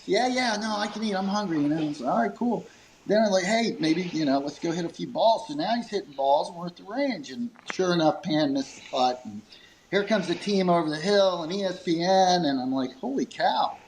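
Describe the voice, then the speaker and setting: A grip company owner tells a long story in an interview at a brisk clip. The recording is rough with slight background noise, and he's animated, performing quoted dialogue with pitch jumps and chuckling between fillers.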